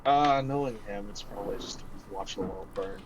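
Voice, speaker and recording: A man's voice: on the low side, fairly quick, background noise. A man playing a tabletop game who jokes and teases the others. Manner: joking, teasing, laughs often. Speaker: player. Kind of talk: casual chat about a tabletop game.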